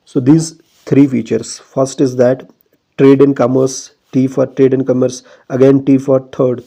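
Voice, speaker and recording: A man with an Indian English accent teaching an exam-prep lesson, pausing often and checking in with "right?". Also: medium pitch, vocal fry, mellow. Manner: hesitant, many fillers and restarts, repeats "right?".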